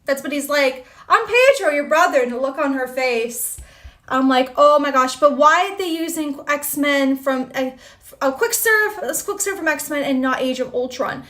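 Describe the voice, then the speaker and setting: A woman's voice: sits high, moderate pace, a bit bright. A woman hosting a casual livestream chat, greeting viewers and reading their comments in a bubbly, exclamatory way. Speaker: livestream host.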